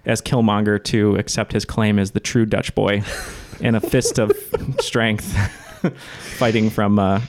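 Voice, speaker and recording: Halting, chatty male podcast host. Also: fairly low pitch, fairly even intonation, noisy background. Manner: halting, many fillers, laughs often. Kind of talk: casual chat.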